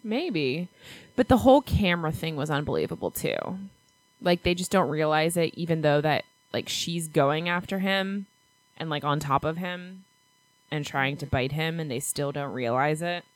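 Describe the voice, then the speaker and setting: A woman's voice: low-pitched, normal speed. A woman co-hosting a casual movie review podcast, speaking bluntly and swearing freely. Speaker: podcast co-host.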